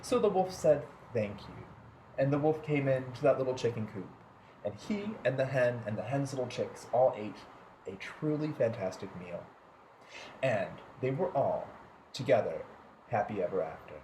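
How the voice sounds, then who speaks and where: Lively storytime reader in an echoey room. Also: mid-range voice. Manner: lively, expressive, dramatic pauses. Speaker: library storytime host. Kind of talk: children's story reading. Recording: roomy echo, faint background noise.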